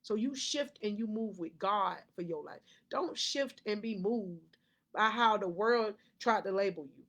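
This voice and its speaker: A woman's voice: mid-range voice, a little slow, a bit bright. Woman preaching a motivational faith talk, keeps repeating herself and laughing. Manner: preachy, repeats key lines, laughs often. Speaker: life coach.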